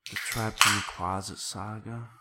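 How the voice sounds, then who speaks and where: A man's voice: lowish voice, little pitch movement, measured pace, heavy background noise. A man co-hosting a podcast in casual, laid-back chat.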